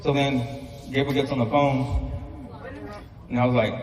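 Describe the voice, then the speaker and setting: A man speaking as a father at a funeral, soft-spoken and halting, with many pauses in plain everyday speech. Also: mid-range voice, steady tone. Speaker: father giving a eulogy. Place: church or funeral hall. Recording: echoey hall, mic at a distance.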